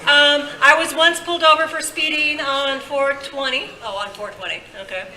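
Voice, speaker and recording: A woman's voice: high voice, steady tone, normal speed, far from the mic, a little hiss or hum. A woman hosting, reading out lines to a live audience with a hesitant, amused manner. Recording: echoey hall from afar with loud crowd.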